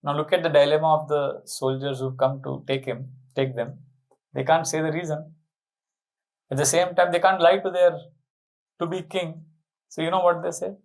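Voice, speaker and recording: A man giving a storytelling sermon on a tour talk, animated and often putting questions to his listeners. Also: on the high side, normal speed, long pauses, rough recording. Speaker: spiritual speaker.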